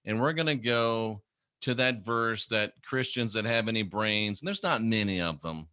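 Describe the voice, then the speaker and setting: A man's voice: on the low side, lively intonation, normal speed, pushed and bright, clear, resonant tone, dry recording, clean studio sound. A middle-aged man, a former minister, delivering a sarcastic, scornful ranting monologue to camera. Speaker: former minister turned critic.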